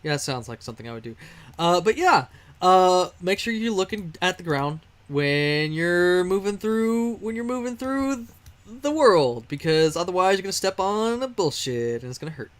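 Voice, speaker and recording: A man's voice: high-pitched, lively intonation, moderate pace. A man from Texas, streaming a game and telling a rambling story with fillers and chuckles. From Texas, USA. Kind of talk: casual storytelling while playing a game.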